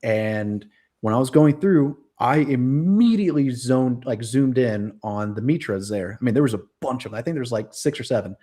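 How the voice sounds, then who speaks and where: A man's voice: mid-range voice, expressive, normal speed, warm tone. A young man hosting a casual live stream, rambling with lots of fillers and self-corrections. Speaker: host.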